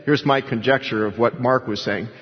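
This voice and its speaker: A man's voice: mid-range voice, fairly even intonation, moderate pace. Guy preaching a sermon, emphatic storyteller, long hall echo, kinda dull muffled sound.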